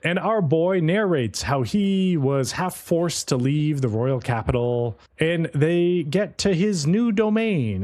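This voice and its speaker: Animated man recapping an anime episode. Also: a little high. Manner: animated, profane storyteller, playfully mimics characters. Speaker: podcast co-host.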